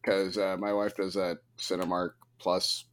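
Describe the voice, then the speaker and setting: A man co-hosting a casual podcast, joking and talking with an expressive delivery. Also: sits low, a little slow. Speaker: podcast co-host. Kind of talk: casual chat.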